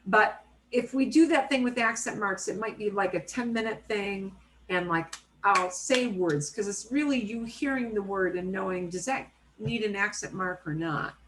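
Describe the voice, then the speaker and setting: A woman's voice: mid-range voice, normal speed, a bit bright, a little hiss or hum, poor audio. A woman teaching a language class over a video call, chatty and explanatory, checking in often with "right?" and "okay?". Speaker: Spanish teacher. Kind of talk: casual online class teaching.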